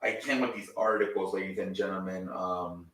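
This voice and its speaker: A man's voice: low voice, steady tone, normal speed, a bit bright, recorded from a distance. Rambling, easily frustrated man, off-mic echo. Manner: rambling, frustrated, swears often. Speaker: host. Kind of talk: casual improvised recap.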